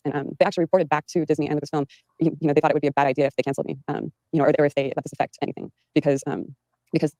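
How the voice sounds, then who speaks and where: Fast-talking woman with a gravelly voice. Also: deep voice, fairly even intonation, mellow, no room sound, rough recording. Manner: rambling, heavy fillers and restarts. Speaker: interview guest. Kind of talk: recounting in an interview. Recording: played from an archived interview.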